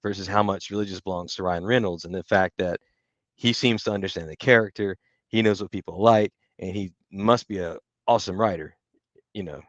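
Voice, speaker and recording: A low-voiced man talks through his point in a thoughtful, hedging way. The recording is dry and dull, like a lo-fi mic with no room sound. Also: a little fast, no echo. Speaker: podcast co-host. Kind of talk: casual chat.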